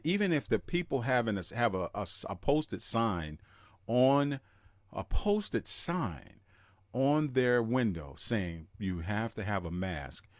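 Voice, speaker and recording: Male podcast host, slow and emphatic, lively pitch, dry close sound. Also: no echo. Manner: emphatic, greets listeners in chat by name. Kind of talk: live podcast monologue.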